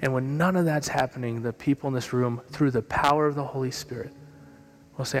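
A man preaching a sermon as a pastor, telling a story with humor and lively delivery in a church hall. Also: medium pitch, a little fast. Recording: long reverb of a hall.

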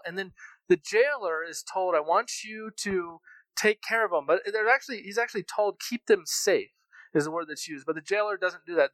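A man preaching a sermon, his voice a touch higher than most men's. He talks in a loose, conversational way, breaking from scripture into casual asides. The sound is dry and close. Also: a bit bright, dry recording, low-quality recording. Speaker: pastor.

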